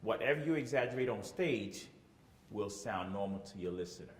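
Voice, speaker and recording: A choir director with a fairly low, lively voice leads a rehearsal at a moderate pace, explaining things step by step and singing phrases to demonstrate. He checks in often with "okay?". The room is echoey, with a long reverb tail.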